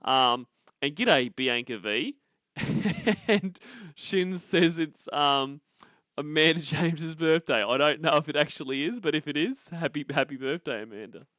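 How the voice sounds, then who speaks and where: A man's voice: fairly high pitch, animated, unhurried, bright, forceful tone, no echo, lo-fi sound. A man giving blunt, sarcastic commentary on a call, swearing and laughing often. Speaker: streamer reacting to a call recording. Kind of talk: casual commentary.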